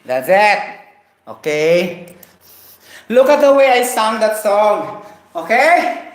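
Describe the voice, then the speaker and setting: Woman vocal coach, casual and unhurried, often checking in with the listener; booming room echo. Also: sing-song. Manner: chatty, keeps checking in with okay. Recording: very echoey room, faint music.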